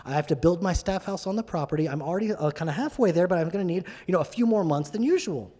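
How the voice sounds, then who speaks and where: A middle-aged man giving an animated, emphatic testimony as a guest speaker in a church. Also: high-pitched, quick pace. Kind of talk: sermon-style testimony. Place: church hall. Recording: reverberant church hall.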